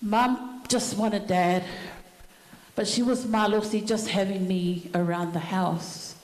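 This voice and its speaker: A middle-aged woman giving a personal eulogy at a family funeral service, telling her story slowly with many pauses. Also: mid-range voice, steady tone, darkish tone. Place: church hall. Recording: echoey church hall.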